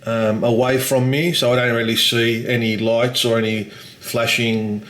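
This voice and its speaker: A man's voice: medium pitch, flat delivery, normal speed, a bit bright. Man, casual vlog chat, rambling, self-deprecating, roomy home room. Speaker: vlogger.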